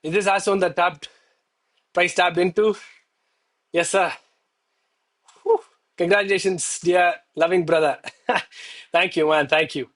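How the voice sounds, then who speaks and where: A young man streaming live from home on a headset mic, hyped and out of breath after exercise, talking excitedly to his chat. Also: high-pitched, measured pace, pauses often. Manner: hyped, exclaiming, addresses chat as bro.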